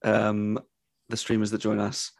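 A man's voice: lowish voice, completely flat delivery, measured pace, gravelly, no echo. A man hosting a casual gaming podcast, easygoing and steering the talk along. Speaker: podcast host.

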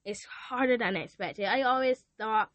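A woman's voice: a little high, moderate pace, no echo, muffled recording. Teen girl doing her podcast, earnest and open, dry close sound. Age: teens. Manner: earnest, confessional, animated quoting. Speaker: podcast host. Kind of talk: casual faith talk.

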